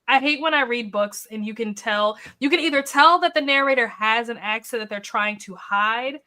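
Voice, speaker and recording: A woman co-hosting a casual livestream over a video call, reading viewer comments aloud in a relaxed way. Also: a little high, normal speed. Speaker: co-host reading chat comments.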